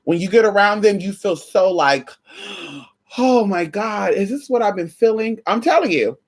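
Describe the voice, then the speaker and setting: Brief: woman vlogger, casual spiritual chat, swears freely, acts out others' lines with big pitch jumps, mid-pitched voice. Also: normal speed. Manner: animated, profane, acts out quoted exchanges with big pitch jumps.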